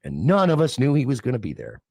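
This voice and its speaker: A man's voice: mid-range voice, huge pitch swings, fast, creaky, darkish tone, no room sound, studio quality. A man in a bitter, profane rant about being disrespected, self-important in tone. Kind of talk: ranting stream monologue.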